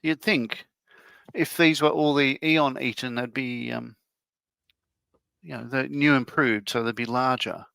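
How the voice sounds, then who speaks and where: A man hosting a casual livestream over a video call, full of quick jokes and quips. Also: medium pitch, steady tone, vocal fry, sharp tone, clean tone, no room sound.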